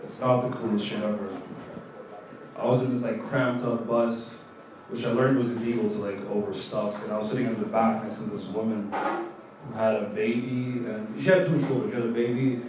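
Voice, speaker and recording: A young man doing a stand-up comedy set on a club stage, telling loose stories full of "like" fillers and getting loud on the punchlines. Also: lowish voice, flat delivery, moderate pace. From Kenya. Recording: echoey club audio from far off, with room noise.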